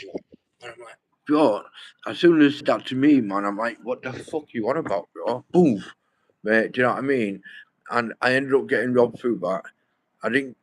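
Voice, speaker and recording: Young man livestreaming: rambling, sweary, talks right to chat, mid pitch, dry close mic. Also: dry recording, rough recording. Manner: rambling, swears a lot, addresses viewers directly.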